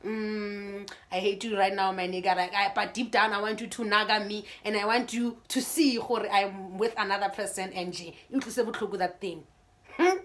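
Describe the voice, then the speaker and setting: A South African woman sits down for a storytime vlog, recounting events in a lively, conversational way. She often restarts her sentences and keeps the tale moving. Her voice sits at a medium pitch. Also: moderate pace. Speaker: YouTuber.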